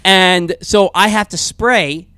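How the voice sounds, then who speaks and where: A male talk radio host telling a long, animated story in a rambling, casual way with frequent restarts. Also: sits high, takes it slowly, clear, resonant tone, dry recording.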